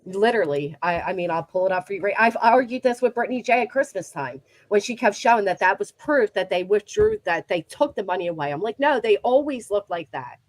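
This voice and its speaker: A woman's voice: mid-range voice, animated, quick pace, few pauses, no room sound. Self-assured woman YouTuber, dry sound. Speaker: guest, YouTuber.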